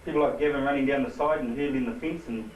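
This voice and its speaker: A man's voice: mid-range voice, steady tone, fast, a loud crowd. A man, a rugby coach, giving a light-humoured speech to his team. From New Zealand. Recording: echoey hall from far off with noise.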